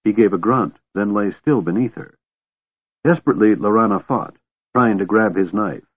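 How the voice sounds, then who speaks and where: A man narrating an audiobook with steady, dramatic storytelling. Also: on the low side, normal speed, breathy edge, no room sound. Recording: tinny, dry, phone-like sound.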